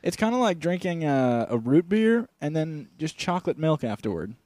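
A young man co-hosting a comedy podcast, making deadpan crude jokes and dry asides. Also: a little high, moderate pace, no room sound. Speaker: podcast co-host. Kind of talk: casual chat. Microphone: studio microphone.

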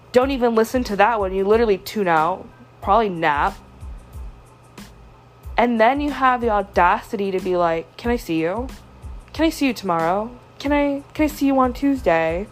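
A young woman talks through a painful personal story on her podcast. Her voice is hurt and frustrated as she confides in the listener. Her pitch sits mid-range, with soft music faintly underneath. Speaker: podcast host. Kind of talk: personal venting monologue.

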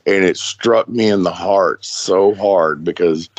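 A man's voice: sits low, slow, no room sound. A middle-aged man hosting a podcast, talking in an earnest, emphatic way and often repeating himself. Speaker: host. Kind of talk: casual podcast chat.

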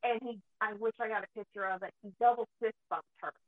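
A woman's voice: medium pitch, fairly even intonation, fast talker, no room sound. A woman, a mother, chatting casually as a host and telling stories freely with plenty of swearing. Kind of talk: casual chat. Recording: tinny phone-like dry sound.

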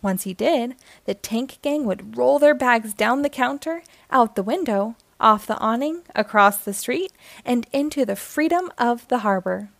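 A woman reading a children's picture book aloud in a gentle storytelling manner. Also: fairly high pitch, lively intonation, a little slow, vocal fry, no echo.

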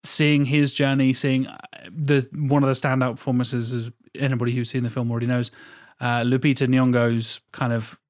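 A man in his thirties talks about films in casual, rambling podcast chat. He swears freely and gushes about what he loves. His voice sits at a middle pitch and sounds dry and close, with no room around it. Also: level tone, normal speed, darkish tone, no room sound. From England. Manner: enthusiastic, swears often, rambling. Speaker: podcast co-host. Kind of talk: casual film discussion.

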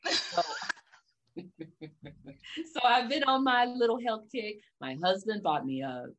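A woman's voice: a little high, big pitch swings, slow pace, fairly bright tone, slight background noise. A woman hosting a podcast interview, giving advice in a coaching tone with rhetorical questions. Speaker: podcast host. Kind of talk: casual interview chat.

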